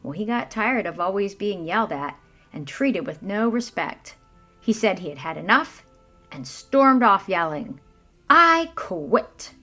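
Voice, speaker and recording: Lively woman reading a children's story. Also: medium pitch, measured pace, soft background music. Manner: lively, addresses listener as you. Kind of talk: scripted narration for children.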